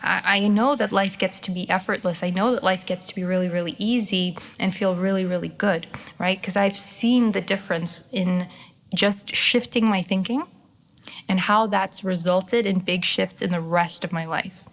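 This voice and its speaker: A young woman hosting a casual livestream, chatty and laughing often, swearing freely and jumping into animated quoted voices. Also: medium pitch, moderate pace. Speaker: podcast host and skincare business owner.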